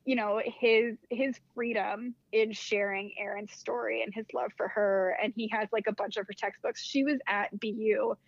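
A woman chatting as a podcast guest, telling a personal story in a lively, casual way. She fills her talk with "like" and acts out the dialogue she quotes. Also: medium pitch, moderate pace, creaky, hardly any pauses, dry recording. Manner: animated, acts out quoted dialogue, heavy use of "like". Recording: dull lo-fi dry sound.

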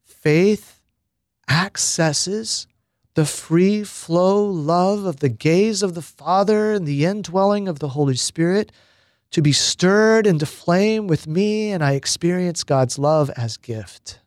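A man, a priest, giving a spoken retreat teaching on prayer in an unhurried, reflective way with pauses and fillers. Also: sits high, no room sound, studio quality.

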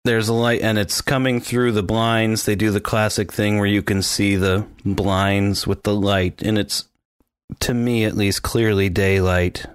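Low-pitched guy chatting casually on a podcast, dry close mic, acts out little sounds. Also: a little slow, smooth, no room sound. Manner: animated, mimics sounds and voices while describing scenes. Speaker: podcast co-host. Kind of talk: casual chat.

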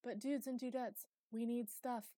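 A woman voicing a sarcastic, sulky young male pilot in an audiobook, pitched up and whiny. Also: steady tone, normal speed, mellow, no room sound, close to an everyday voice. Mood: snarky.

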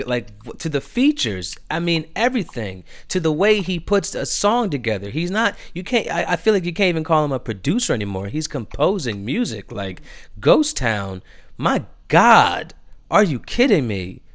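A man hosting a podcast, gushing about new music in casual chat, stumbling over restarts in his excitement. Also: on the high side, moderate pace. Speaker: podcast host.

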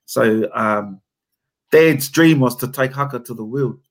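Man, New Zealand accent, haka teacher, emphatic storyteller, casual interview, mid-pitched voice. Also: measured pace. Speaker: haka teacher and company founder.

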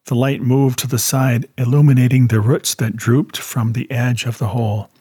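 A man narrating a story in a steady audiobook style. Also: medium pitch, normal speed, breathy edge, no room sound, studio quality. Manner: steady storytelling, voicing characters.

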